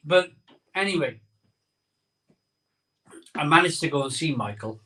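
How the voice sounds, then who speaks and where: A man's voice: fairly high pitch, lively intonation, takes it slowly, bright, forceful tone, far from the mic. A man hosting a live beer-drinking show, telling a rambling story in casual chat and repeating his phrases as he goes.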